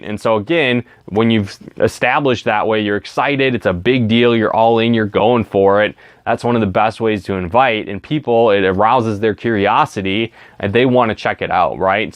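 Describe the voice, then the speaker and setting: A man's voice: on the low side, dry recording, clean studio sound. A man giving a casual sales training talk, often checking in with "right?" and acting out sample invitations. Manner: chatty, frequent "right?" tags, acts out sample invitations. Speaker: network marketing trainer.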